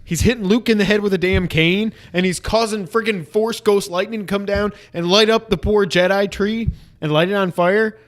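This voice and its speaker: A man co-hosting a podcast, giving a casual review with animated, ranting complaints. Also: high-pitched, normal speed, hardly any pauses. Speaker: video game podcast co-host.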